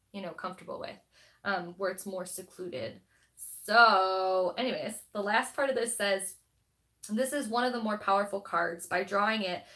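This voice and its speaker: A woman's voice: mid-range voice, a bit bright. A woman hosting a spiritual live stream, chatting casually with viewers in a rambling, think-aloud way and reading passages aloud.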